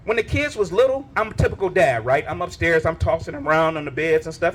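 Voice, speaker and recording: A middle-aged man doing stand-up comedy on a club stage, telling animated stories and breaking into laughter and sung bits. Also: fairly high pitch, fast talker, husky.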